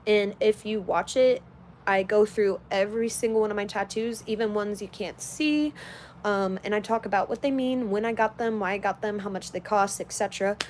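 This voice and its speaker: A woman's voice: mid-range voice, moderate pace, a little mellow, a little hiss or hum. A woman in her late twenties chatting casually on a livestream, reading out comments in a blunt, heavily profane way. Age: 20s.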